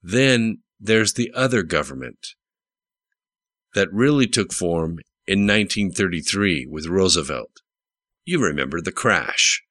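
A man's voice: sits low, animated, a little slow, fairly bright tone, dry recording. Man reading as a lecturing admiral. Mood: explaining. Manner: lecturing, storytelling. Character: calm explaining male admiral.

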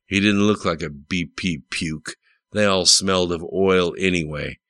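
A man narrating an audiobook with steady, plain storytelling. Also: sits low, unhurried, dry recording.

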